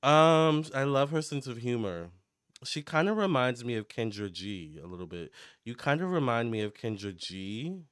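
A man giving a casual psychic tarot reading to camera, chatty and excitable as he relays what he picks up in a running commentary. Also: medium pitch, normal speed, clean tone, no echo, studio quality. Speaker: tarot reader and medium.

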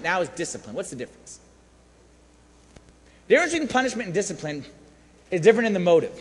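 A man preaching a sermon as a priest, telling a story with animated swings from hushed to shouting. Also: high voice. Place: church. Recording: long church reverb.

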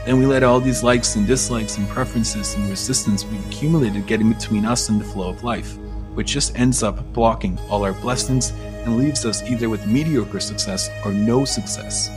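A man's voice: on the low side, moderate pace, music in the background. A man giving a blunt, persuasive self-help monologue in a casual, emphatic way, with frequent swearing. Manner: blunt, casual, sprinkled with profanity. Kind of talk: motivational monologue.

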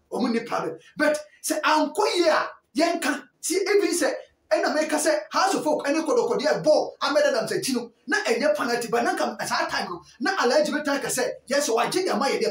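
A man with a Ghanaian accent giving emphatic, opinionated football commentary, his voice rising into bursts of near-shouting. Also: extremely high pitch. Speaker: sports commentator. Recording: roomy echo, distant mic.

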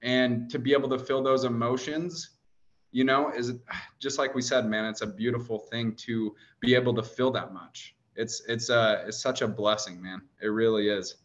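A man's voice: medium pitch, steady tone, normal speed, highs cut off. A man speaking as a podcast guest, affirming and earnest, often tagging "man" onto his sentences. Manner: warm, affirming, says "man" a lot. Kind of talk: casual conversation.

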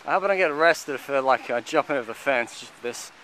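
A man giving casual, halting commentary as he walks through an outdoor cemetery, listing what he sees with many fillers. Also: mid-range voice, animated, pushed and bright, slight background noise. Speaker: vlogger touring a cemetery.

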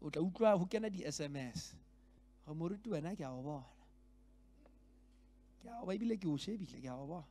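Male pastor, high and expressive, animated workshop teaching. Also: fast talker, pauses often. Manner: animated, switches between languages, acts out scenes. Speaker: pastor leading a leadership workshop. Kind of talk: lively church teaching. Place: church hall.

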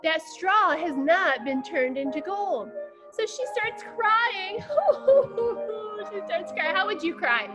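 A woman teaching a children's ballet class, telling a story in an animated, encouraging way. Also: extremely high pitch, takes it slowly, poor audio. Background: music.

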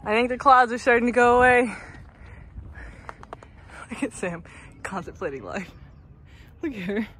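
Here a young woman from the United States narrates her mountain hike to a handheld camera outdoors, her fairly high, fairly bright voice moving at a moderate pace with long pauses. Slightly breathless from the climb, she stays bubbly and playful, laughing often in casual vlog style.

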